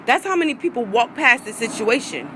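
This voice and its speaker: A woman's voice: on the high side, very animated, brisk, pushed and bright, slight background noise, rough recording. A woman, a vlogger in an angry rant to her viewers, heated, profane and repeating herself.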